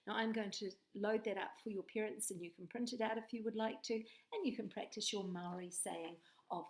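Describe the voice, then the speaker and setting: A woman teacher, leading a patient, clearly spoken lesson for young children with sing-song bursts. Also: mid-range voice, steady tone, a little fast. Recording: echoey room.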